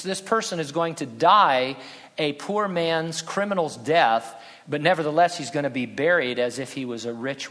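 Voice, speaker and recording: A man's voice: a little high, fairly bright tone. A man preaching a sermon as pastor, conversational, with sarcastic asides. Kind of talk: expository sermon. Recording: long hall reverb.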